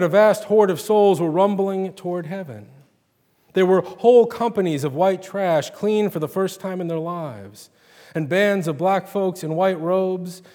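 A man reads a short story aloud in a measured, dramatic delivery. His voice sits slightly high for a man, and a long hall reverb trails behind every phrase. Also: darkish tone. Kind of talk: reading and retelling a short story.

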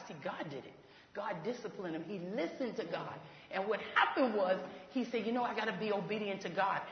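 Brisk woman ministry leader, animated testimony with laughs, heard in a big echoing hall. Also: mid-range voice, a little hiss or hum. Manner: animated, laughs while talking, acts out quoted voices. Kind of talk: testimony storytelling. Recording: echoey hall, dull lo-fi sound.

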